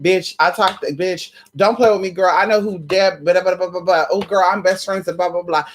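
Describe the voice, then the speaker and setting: A woman's voice: fairly low pitch, steady tone, brisk, a little hiss or hum, natural voice. Snobbish newly rich girl, as a woman mocks her, haughty, dismissive, swearing.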